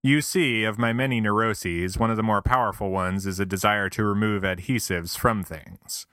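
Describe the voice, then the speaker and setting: A man's voice: lowish voice, steady tone, normal speed, pushed and bright, no echo, studio quality. A man reading a scripted comic essay with wry, self-deprecating, mock-earnest asides. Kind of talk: scripted comedic narration.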